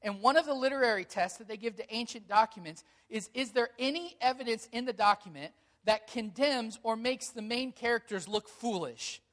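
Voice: medium pitch, normal speed, few pauses, fairly bright tone. Earnest preacher retelling a story. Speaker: pastor. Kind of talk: sermon.

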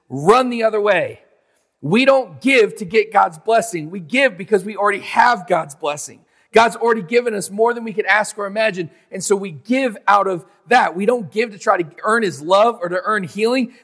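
A man's voice: high-pitched, fairly bright tone, in a large hall. A man preaching a sermon in a conversational way, acting out biblical figures in modern slang. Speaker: pastor.

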